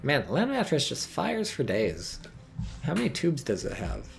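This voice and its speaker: A man's voice: mid-range voice, huge pitch swings, unhurried, creaky, soft background music. A man giving casual, profane, sarcastic commentary on a strategy game replay and reading viewer chat aloud.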